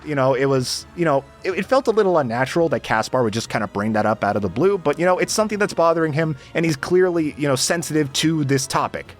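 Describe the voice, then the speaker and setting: A man's voice: on the high side, expressive, quick pace, hardly any pauses, soft background music. A young man giving casual, exasperated game commentary, sarcastic and swearing often.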